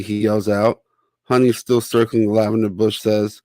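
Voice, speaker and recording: Low-voiced man reading a children's book. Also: steady tone, normal speed, a little mellow, dry recording. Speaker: author and narrator.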